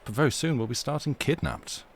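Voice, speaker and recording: Speaking briskly in a medium-pitched voice, a young storyteller runs a live reading stream from his home desk mic. He chats casually, rambling and poking fun at himself, with slight background noise.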